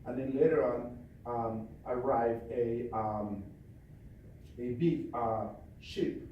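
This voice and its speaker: Forceful male trainer in echoey hall. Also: mid-range voice, slow pace, distant mic, dull audio, a little hiss or hum. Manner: forceful, commanding, repetitive. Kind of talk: live seminar storytelling.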